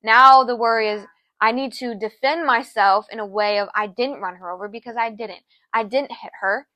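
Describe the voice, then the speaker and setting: A woman's voice: fairly high pitch, moderate pace, bright, forceful tone, no room sound. A young adult woman co-hosting a podcast, telling a personal story in an earnest, emotional way and acting out other people's words. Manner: earnest, emotional, acts out quoted voices. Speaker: podcast co-host.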